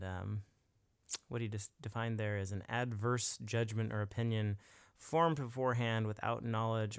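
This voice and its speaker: A man's voice: lowish voice, creaky, smooth, no room sound, clean studio sound. A man co-hosting a church podcast, chatting casually and thoughtfully, laughing now and then. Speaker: podcast co-host.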